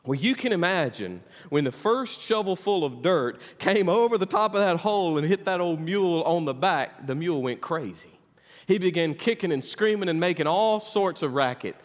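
A man preaches a sermon to his congregation in a high, ringing voice. His delivery is full of call-and-response, rising loud and then dropping to a hush. The sound rings with the long echo of a church hall. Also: lively intonation, normal speed. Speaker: pastor.

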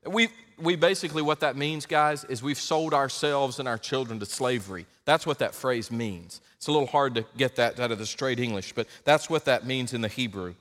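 A male pastor delivering an emphatic sermon, rising to loud exhortation. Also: a little high, long reverb tail.

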